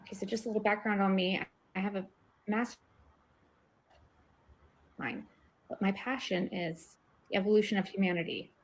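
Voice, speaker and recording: A woman's voice: medium pitch, fairly even intonation, moderate pace, pauses often. Woman talking earnestly about her theories, medium voice, leans into the big points. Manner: earnest, explaining ideas with rising emphasis. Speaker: guest researcher. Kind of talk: casual online discussion.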